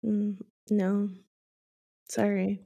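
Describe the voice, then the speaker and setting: A woman's voice: medium pitch, monotone, drawn-out words, creaky, dark tone. A woman co-hosting a podcast, teasing and sarcastic in casual banter. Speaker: podcast co-host.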